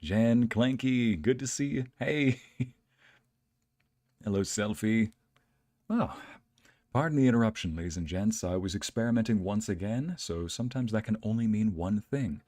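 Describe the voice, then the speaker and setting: A man's voice: lowish voice, moderate pace, warm tone, dry recording, clean studio sound. A man streaming from home, chatting casually and greeting viewers by name with playful exclamations. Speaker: streamer and narrator. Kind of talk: casual livestream chat.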